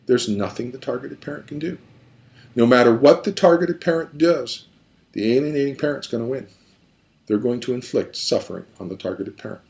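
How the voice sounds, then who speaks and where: A man's voice: mid-range voice, fairly quick, vocal fry, darkish tone. A man who works as a therapist, explaining a pattern step by step in an emphatic lecture with repeated phrases. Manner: emphatic, repetitive, building points step by step.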